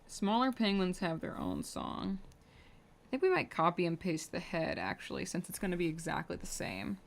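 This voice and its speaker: A woman's voice: on the low side, huge pitch swings, moderate pace, gravelly. A young adult woman streaming live while she draws, rambling casually to her chat and humming between remarks.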